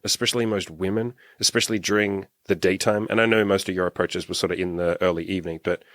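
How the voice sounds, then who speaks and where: A man's voice: low-pitched, steady tone, fast, a bit bright, no echo, clean studio sound. A man hosting a casual interview as a dating coach, telling stories animatedly, acting out quotes and swearing casually.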